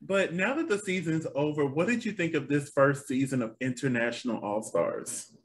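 A man co-hosting a casual review chat show, animated and quick to laugh, with a bouncy, exclamatory delivery. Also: fairly high pitch, a little hiss or hum.

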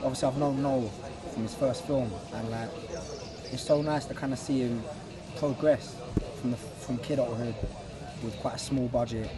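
A man's voice: medium pitch, moderate pace, a crowd in the background. A young man, an actor chatting casually behind the scenes and telling stories in a joking, slangy way. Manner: joking, slangy, animated storytelling. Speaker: actor interviewed on set.

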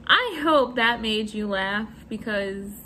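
A woman's voice: medium pitch, lively intonation, slow, sharp tone, slight background noise. A young woman vlogger telling a story to camera in a chatty, giggly way, swearing freely.

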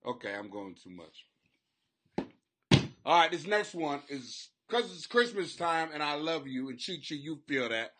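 A man hosting a comedy podcast, talking rowdy and profane, often breaking into shouts and silly voices. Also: a little high, moderate pace, hardly any pauses, heavy background noise. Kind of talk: rowdy comic commentary. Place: home basement.

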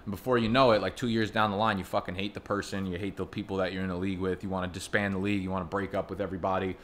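A man's voice: sits low, little pitch movement, very fast, a bit bright, slight background noise. A young man hosting a casual chat, telling stories in a profane, ranting way. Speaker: host.

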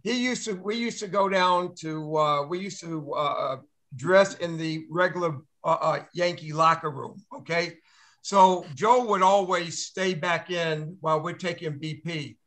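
An older man jokes and teases in casual talk, often stumbling and restarting his sentences. His voice is high for a man and sharply bright. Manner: teasing and jokey, restarts often. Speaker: guest. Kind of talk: casual chat.

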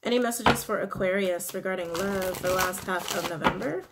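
A woman's voice: medium pitch, moderate pace, heavy background noise. A woman giving a casual tarot reading, musing aloud and repeating her phrases. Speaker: tarot reader.

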